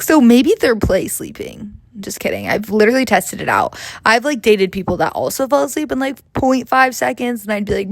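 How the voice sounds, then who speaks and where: A woman's voice: medium pitch, big pitch swings, fairly quick, no echo. A young woman in her twenties hosting a comedic podcast, talking in a chatty, rambling, profane and self-mocking way. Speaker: podcast host. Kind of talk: comedic casual monologue.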